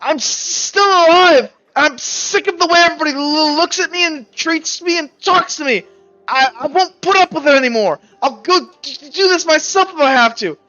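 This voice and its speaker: A woman voicing a frail, sickly young man who is touchy and proud, shouting in breathless outbursts. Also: very high voice, expressive, takes it slowly, muffled recording, faint music behind, pitched above the performer's own voice, heavily acted. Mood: angry shouting.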